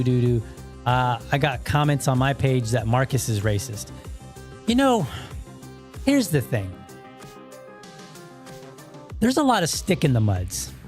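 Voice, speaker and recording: A man, in his thirties or forties, hosting a casual solo podcast, rambling and restarting his sentences as he talks. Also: mid-range voice. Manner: rambling, repeats words and restarts. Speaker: podcast host.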